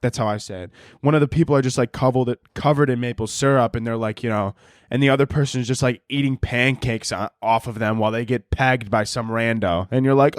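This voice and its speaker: Speaking at medium pitch and a little fast, a young podcast host rambles through a casual comedic monologue, cursing frequently and cracking himself up. The studio sound is clean, with no echo.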